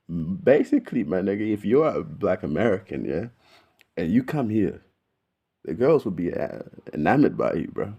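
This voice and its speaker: Australian male host, low and mellow, slangy, profane, rambling storyteller. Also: sing-song, normal speed, vocal fry, husky. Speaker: video host. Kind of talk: casual storytelling to camera.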